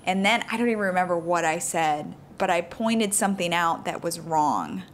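A woman co-hosting a podcast with her husband, chatting casually and animatedly, laughing often and explaining in quick bursts. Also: lowish voice, animated, slight background noise. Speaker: podcast co-host. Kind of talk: casual married-couple chat.

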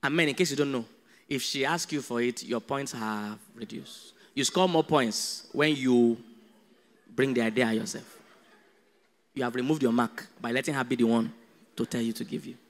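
A man with a Nigerian accent preaching a sermon as a pastor, animated and humorous. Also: mid-range voice, normal speed, big-room sound. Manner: animated, humorous, acts out dialogues.

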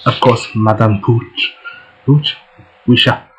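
A man's voice: medium pitch, fairly even intonation, slow, close to an everyday voice, poor audio. A man voicing a showy Frenchman with a pet dog, in a hammy fake French accent with broken phrasing. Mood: theatrical.

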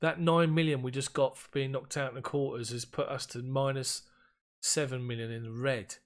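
A man giving casual commentary on a football management game, getting excited and frustrated as chances slip away. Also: medium pitch, moderate pace. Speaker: gaming YouTuber.

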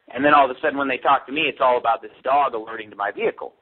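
Husky man telling his story over a phone line. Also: mid-range voice, quick pace. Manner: animated storytelling with quoted dialogue. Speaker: pastor, interview guest. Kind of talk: phone-in radio interview.

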